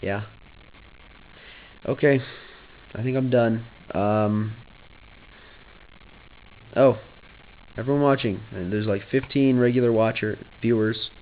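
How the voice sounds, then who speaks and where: A man's voice: mid-range voice, steady tone, takes it slowly, long pauses, phone-quality sound. A young man vlogging casually, joking offhand, trailing off and restarting his thoughts. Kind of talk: rambling casual vlog.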